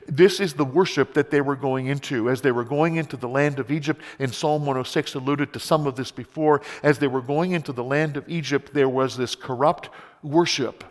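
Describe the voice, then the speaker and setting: A male pastor preaching a sermon, building to fervent runs and then falling to slow, quiet emphasis. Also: medium pitch. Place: church sanctuary. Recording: long reverb of a church hall.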